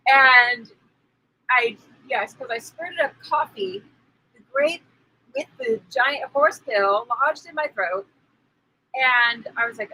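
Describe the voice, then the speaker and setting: Animated high-voiced woman telling a story. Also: slow, slightly rough, poor audio. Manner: animated, acts out quoted voices, laughs often. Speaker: spiritual teacher co-host. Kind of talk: casual storytelling.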